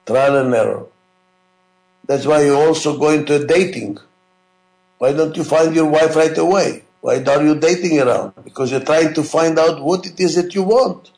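A man's voice: a little high, normal speed, gravelly, darkish tone, reverberant, low-quality recording. A man giving a management lecture, emphatic and repetitive, often asking rhetorical questions. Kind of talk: classroom lecture.

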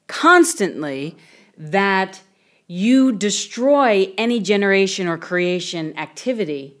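Low-voiced woman hosting a coaching show. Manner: energetic, prompts and interrupts to guide the guest. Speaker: show host and facilitator. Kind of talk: coaching session on a talk show.

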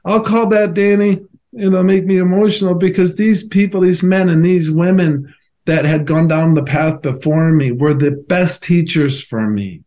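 A man, a former professional athlete, earnestly telling a personal story as a podcast guest, halting at times and acting out remembered conversations. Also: sits high, mellow. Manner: earnest, halting, acts out remembered phone calls.

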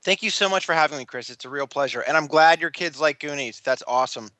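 Man, 40s, American accent, interview guest, wry joker, bright tone, dry close sound. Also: fairly high pitch, quick pace, no room sound. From Los Angeles, USA. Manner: wry, jokey, self-deprecating. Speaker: guest, entertainment lawyer. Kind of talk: casual interview. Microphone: remote line.

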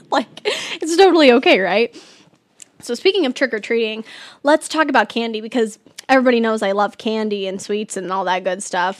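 A woman's voice: mid-range voice, no room sound. A teenage girl from California hosting a casual solo chat show, bubbly and rambling with lots of giggles and "like". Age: teens. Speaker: host.

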